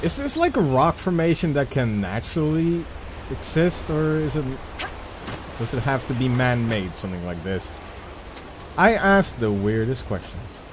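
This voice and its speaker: A man casually commenting on his own gameplay, rambling and self-deprecating, with sudden excited outbursts. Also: medium pitch, unhurried, noisy background. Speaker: let's play gamer.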